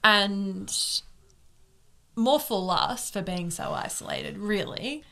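A woman in a middle-pitched voice, co-hosting a relaxed podcast chat. She chimes in with short, agreeable additions and finishes her partner's points. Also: slow. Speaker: podcast co-host. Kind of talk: casual chat.

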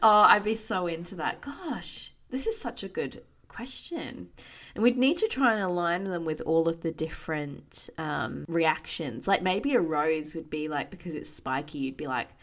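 Lively, low-voiced Australian woman. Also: normal speed. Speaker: podcast co-host. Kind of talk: casual chat.

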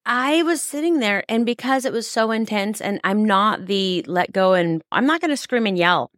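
A woman's voice: mid-range voice, expressive, normal speed, fairly bright tone, no room sound. A woman co-hosting a podcast, a psychotherapist telling a personal story in casual chat, candid and swearing freely, close to the mic.

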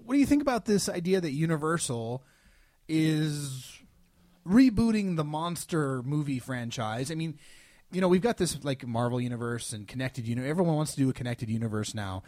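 A man's voice: on the high side, animated, normal speed, a little mellow, no room sound, studio quality. Thoughtful man rambling in casual chat. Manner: thoughtful, rambling, stops and restarts. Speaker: podcast co-host. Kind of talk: casual chat about movies.

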